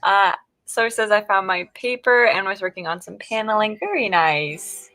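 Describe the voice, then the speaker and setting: A woman chats casually while hosting a livestream and reads viewer messages aloud. Her voice is bright and forward, recorded close and dry. She giggles a lot and stumbles over words. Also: mid-range voice, fairly even intonation, brisk, dry recording. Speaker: livestream host reading chat.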